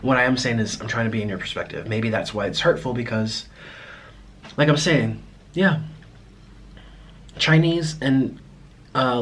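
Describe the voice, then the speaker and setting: Halting, rambling young man vlogging. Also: on the low side, a bit bright, a little hiss or hum. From United States. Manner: halting, rambling, many restarts. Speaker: mukbang vlogger. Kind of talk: casual vlog monologue to viewers. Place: at home.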